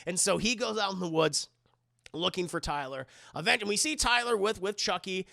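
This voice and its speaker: A rambling man retelling a film to his stream chat, swearing and restarting his sentences as he goes. His voice is gravelly and bright. The sound is dry and close. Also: sits high, animated, moderate pace, dry recording. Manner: rambling, profane, talks to chat, many restarts. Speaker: livestream movie reviewer. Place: home streaming setup.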